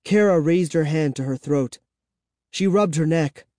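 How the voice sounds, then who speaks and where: Slow, mellow narrator reading a first-person kids' story, dead dry sound. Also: medium pitch, no echo. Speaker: audiobook narrator.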